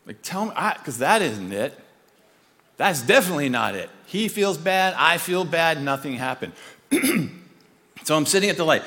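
A man giving a conversational, storytelling sermon with an animated delivery and self-deprecating chuckles. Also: a little high, moderate pace, big-room sound.

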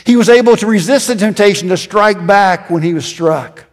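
A man pastor delivers a sermon in a high, lifted voice. He tells stories and sinks into quiet emphasis on the key phrases. His words carry a long reverb, as in a big hall. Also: moderate pace. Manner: storytelling preacher, dropping to quiet emphasis.

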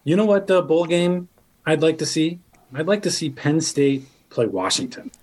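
A man co-hosting a casual sports talk show, reciting numbers and offering quick opinions. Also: fairly high pitch, darkish tone. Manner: conversational, quick stat recitation with light laughs. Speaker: podcast co-host.

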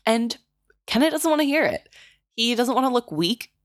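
A woman's voice: fairly high pitch, expressive, moderate pace, dry recording, clean studio sound. A woman co-hosting a podcast, chatting casually and summarizing the plot of a novel. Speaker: podcast co-host. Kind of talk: casual book discussion.

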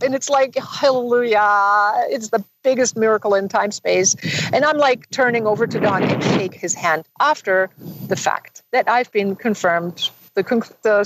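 A woman guest in an interview, telling a long personal story in an animated way and acting out the quoted dialogue. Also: a little high, low-quality recording. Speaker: guest author.

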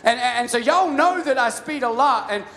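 A man's voice: extremely high pitch, lively intonation, normal speed, fairly bright tone, slight background noise. A man preaching a sermon, telling stories casually with many restarts and repeated words. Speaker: pastor. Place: large church hall. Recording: live sermon with long hall reverb.

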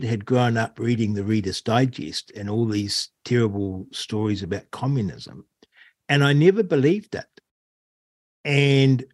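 A male host who asks his interview questions slowly and deliberately. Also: mid-range voice, slightly rough, dry recording, studio quality. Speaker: radio host.

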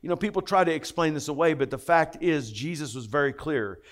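Male pastor, emphatic, impassioned sermon delivery, slightly high pitch. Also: a little fast. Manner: impassioned, emphatic preaching with repetitions.

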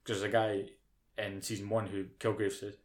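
His voice is fairly low and level, at a normal speed. This British podcast co-host rants casually through the chat, swearing freely and doing impressions that mock others.

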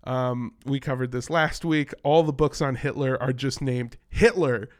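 A man's voice: mid-range voice, steady tone, a little slow, no room sound, studio quality. A man hosting a podcast while sick with a cough, talking in a rambling, self-mocking way and swearing freely. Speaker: podcast host. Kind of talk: casual podcast chat.

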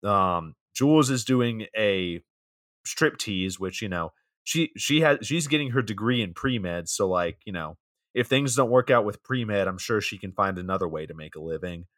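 A man's voice: on the low side, expressive, moderate pace, fairly bright tone, dry recording. A man co-hosting a podcast, casually retelling a horror movie's scenes with dry jokes. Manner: laid-back, dry joking, retelling scenes. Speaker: podcast co-host. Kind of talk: casual movie recap chat.

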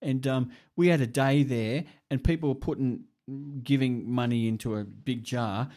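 A man's voice: mid-range voice, moderate pace, a little mellow. A middle-aged man, telling rambling stories and swearing freely in casual podcast chat. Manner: rambling, swearing, laughing storyteller.

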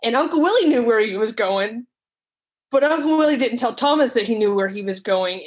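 A woman talks through a hard memory from her own life. She speaks in a casual, halting way, restarts and repeats herself often, and her voice sits in an ordinary middle range. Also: mid-range voice, poor audio. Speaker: storyteller recounting her past. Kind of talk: personal storytelling.

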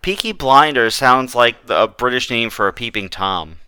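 Bright-voiced man, casual podcast chat. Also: medium pitch, lively intonation, moderate pace, smooth, no room sound, studio quality. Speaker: podcast co-host.

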